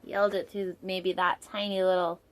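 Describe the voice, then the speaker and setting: A woman's voice: fairly low pitch, level tone, normal speed. A woman hosting a storytime show, reading a picture book aloud and breaking off for playful, digressive jokes, sometimes dropping to a whisper for an aside. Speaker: storytime host.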